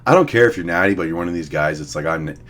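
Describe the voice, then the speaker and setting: A man's voice: low-pitched, animated, fast talker, fairly bright tone. A young man giving blunt, profane, rambling casual commentary as he ranks fitness figures. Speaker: fitness vlogger. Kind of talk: casual commentary ranking influencers.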